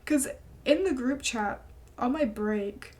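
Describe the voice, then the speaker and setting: Young streamer lady ranting about her day, high pitched, cusses freely, does the voices of people she quotes. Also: slow. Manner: animated, swears freely, acts out quotes. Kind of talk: casual storytelling chat.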